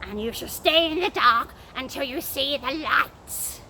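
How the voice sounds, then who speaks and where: Gruff mock-doctor, stern and solemn, swooping delivery, unhurried, as a woman puts him on. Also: high voice, expressive, pushed and bright, slight background noise, full character voice. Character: jester in disguise as a gruff male doctor.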